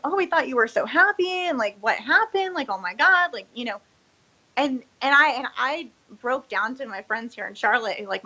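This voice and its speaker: A woman's voice: fairly high pitch, pushed and bright, dull audio. A young woman in her twenties, a former business owner, telling her story in a candid interview, rambling with many "like"s and "you know"s and acting out what people said. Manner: rambling, frequent "like" and "you know", acts out quoted lines.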